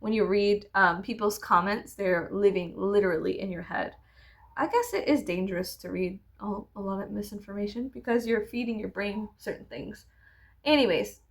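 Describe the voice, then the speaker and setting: Gravelly, sarcastic woman in her thirties. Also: medium pitch, a bit bright. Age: 30s. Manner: profane, sarcastic, rambling. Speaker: vlogger. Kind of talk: casual story time while doing makeup.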